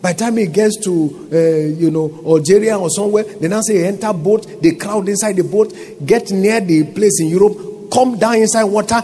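A man's voice: high-pitched, normal speed, dark tone. A man preaching a sermon as pastor, emphatic, with many rhetorical questions.

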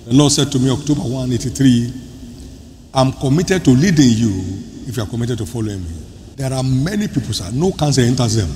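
A man preaching a sermon as pastor, emphatic, with sudden loud bursts and soft drops. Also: mid-range voice, lively intonation, brisk. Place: large church hall. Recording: large hall, reverberant, faint room noise.

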